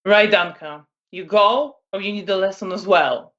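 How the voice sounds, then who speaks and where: Woman voicing a calm, menacing vampire leader. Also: mid-range voice, moderate pace, lo-fi sound, close to an everyday voice. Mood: coldly threatening. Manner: calm, threatening. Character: cold commanding female vampire leader.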